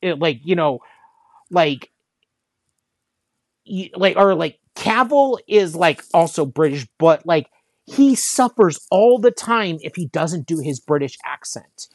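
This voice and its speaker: A man's voice: a little high, animated, takes it slowly, no echo, studio quality. A man chatting casually about movies, rambling with many fillers and restarts. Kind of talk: casual chat.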